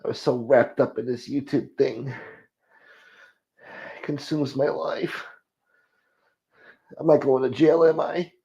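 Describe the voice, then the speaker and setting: A man's voice: medium pitch, fairly even intonation, slow, creaky, long pauses, mellow. A man voicing a naive, whiny middle-aged woman from a mob family, in a melodramatic tone. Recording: muffled lo-fi audio.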